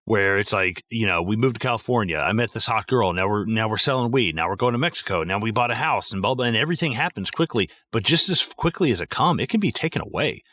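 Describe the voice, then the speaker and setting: A man's voice: lowish voice, fast talker, few pauses, no room sound. A man co-hosting a casual movie podcast, swearing often and acting out lines from the film. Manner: profane, animated, acts out film quotes. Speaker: podcast co-host.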